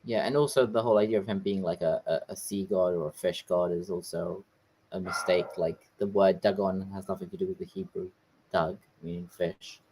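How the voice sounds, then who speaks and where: A man's voice: low voice, fairly even intonation, a little fast, warm tone, slight background noise, poor audio. A man in a casual discussion, speaking loosely with many fillers. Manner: casual, lots of "like" and "um". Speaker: discussion participant.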